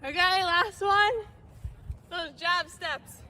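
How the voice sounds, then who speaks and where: Very high, bright-voiced woman coaching outdoors. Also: slow pace, a little hiss or hum. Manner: explains while moving, checks in with "okay?" often. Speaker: lacrosse coach. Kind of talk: instructional drill demonstration. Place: outdoor field with cones.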